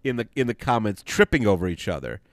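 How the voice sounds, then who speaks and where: A man co-hosting a casual podcast, talking in a rambling, halting way with many fillers. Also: lowish voice, big pitch swings, no room sound. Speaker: podcast co-host.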